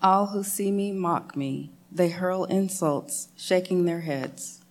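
A woman reading Bible verses aloud to a congregation, quiet and even. Her voice is on the low side, and she sits a bit back from the microphone. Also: takes it slowly. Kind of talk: scripture reading.

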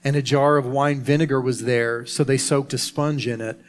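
A man reading Bible passages aloud to a congregation. His reading is steady and measured, in a mid-range voice. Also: medium pitch. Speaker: pastor reading scripture. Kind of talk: scripture reading.

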